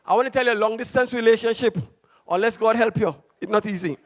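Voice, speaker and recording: A pastor preaching a passionate sermon, mixing stories with shouted exhortation. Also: male voice, extremely high pitch, fast talker. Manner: impassioned, shouting preaching with storytelling.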